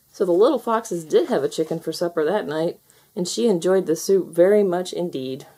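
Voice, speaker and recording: A woman's voice: lowish voice, moderate pace, husky. Woman reading a children's story aloud. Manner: gentle, expressive storytelling. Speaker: storybook reader.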